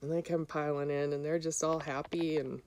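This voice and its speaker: Brief: woman, lower register, casual first-person storyteller, halting delivery with restarts. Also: little pitch movement, darkish tone, slight background noise. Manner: halting, with many fillers and restarts; re-enacts other people's lines in a raised voice. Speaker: hunter telling her story.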